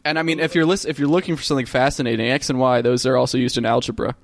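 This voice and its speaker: A man co-hosting a comedy podcast, reading out jokes and going off on quick tangents. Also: mid-range voice, steady tone, vocal fry. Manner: reads out insults, quick tangents. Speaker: podcast co-host. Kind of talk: casual comedic banter.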